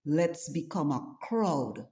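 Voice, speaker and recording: Brief: Trinidadian woman, dialect teacher, low and mellow, unhurried delivery. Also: sing-song. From Trinidad and Tobago. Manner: slow, deliberate and instructive. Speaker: channel host teaching dialect. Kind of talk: scripted lesson narration.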